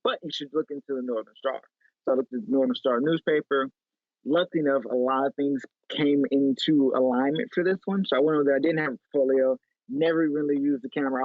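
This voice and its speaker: A man's voice: mid-range voice, dry recording. Chatty man on a tinny remote line. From Chicago, USA. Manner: animated, chatty, lots of "like". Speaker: guest photo editor. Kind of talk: casual interview storytelling.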